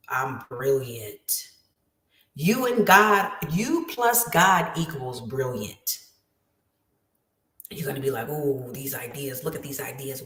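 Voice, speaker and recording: A woman's voice: deep voice, a bit bright, reverberant. A woman writing coach giving an emphatic, preachy motivational talk with lots of repetition.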